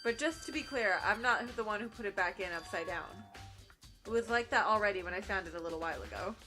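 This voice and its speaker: A woman's voice: medium pitch, expressive, fast talker, bright, forceful tone, faint music behind. A woman co-hosting a game playthrough, joking and reading game characters' lines. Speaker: let's play co-host.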